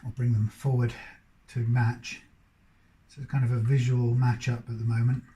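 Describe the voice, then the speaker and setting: A man's voice: mid-range voice, little pitch movement, normal speed, warm tone, slight background noise. A man working as a guitar technician, rambling and thinking aloud in casual commentary while he works at his bench. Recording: roomy workshop echo.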